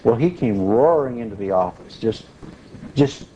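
A man's voice: medium pitch, normal speed, dull audio, slight background noise. Folksy man telling a teaching story. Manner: folksy, animated when retelling, restarts often. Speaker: Bible teacher.

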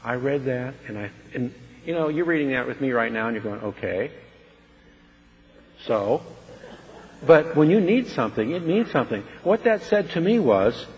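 A man's voice: mid-range voice, sing-song, normal speed, darkish tone, long reverb tail, highs cut off. A middle-aged man preaching a sermon, telling a personal testimony in an earnest, conversational way that often stops and restarts.

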